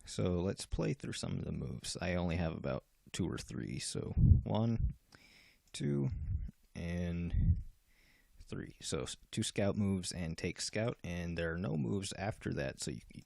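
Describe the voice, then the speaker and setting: A man with a deep voice and a gravelly edge walks through the menus of a program he built. He explains in a loose, casual way, with fillers and restarts. The sound is dry and close, with no room around it. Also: big pitch swings, takes it slowly, darkish tone, no echo. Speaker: game developer demoing his software. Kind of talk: casual software walkthrough.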